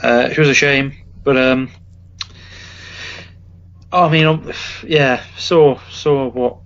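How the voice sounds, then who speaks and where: A man's voice: mid-range voice, steady tone, slow pace, a bit bright. A man co-hosting a podcast, chatting casually about football, rambling with lots of fillers and restarts. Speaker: podcast co-host. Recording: dull lo-fi podcast audio.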